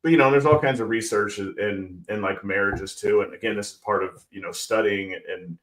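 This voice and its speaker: A man's voice: fairly low pitch, brisk, fairly bright tone. A man guest on a podcast, easygoing and thoughtful in casual chat. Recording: roomy, distant mic.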